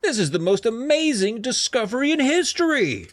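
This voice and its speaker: An eager, greedy explorer father who can't stop exclaiming, as a man reads him aloud. The voice is lively and swings in pitch, in a dry, close sound. It's a casual reading of a children's book. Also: moderate pace, no echo. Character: excited, greedy explorer dad.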